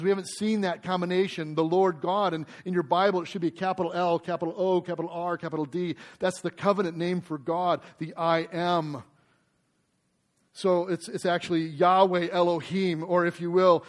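A man preaching a sermon, telling a story with animated energy and then teaching through scripture passages. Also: a little high. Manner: quotes scripture, quick asides. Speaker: pastor.

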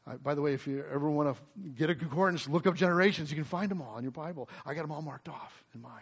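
A man preaching a sermon, telling a story with animated energy and then teaching through scripture passages. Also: on the high side, slightly rough. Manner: quotes scripture, quick asides. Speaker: pastor.

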